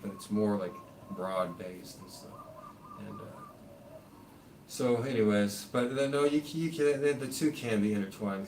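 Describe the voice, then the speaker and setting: A man's voice: lowish voice, darkish tone. A man hosting a live stream, ranting in a loose, rambling way full of fillers and swearing. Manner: rambling, profane, heavy on fillers. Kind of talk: casual rambling rant. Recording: echoey room, voice far from mic, faint noise.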